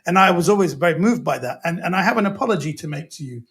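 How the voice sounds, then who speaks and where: A man with a high, bright-edged voice, spinning a rambling, self-mocking story. He talks as an animated guest comedian, full of asides and restarts. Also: rapid-fire. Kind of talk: animated anecdote telling.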